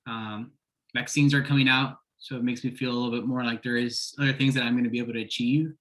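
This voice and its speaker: A man's voice: medium pitch, fairly even intonation, fast, a bit bright, poor audio. A man speaking as a counseling client, hesitant and full of fillers. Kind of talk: counseling session role-play.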